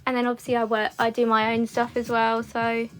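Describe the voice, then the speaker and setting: A woman's voice: a little high, monotone, brisk, soft background music. A young woman, chatting casually to a livestream audience while doing her makeup at home. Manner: chatty, rambling, with frequent fillers. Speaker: beauty content creator.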